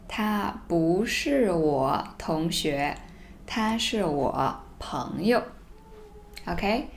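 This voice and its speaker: A woman teaching a beginners' Mandarin lesson, reading each sentence twice slowly and explaining it in English. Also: sits low, gravelly, slight background noise. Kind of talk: language lesson.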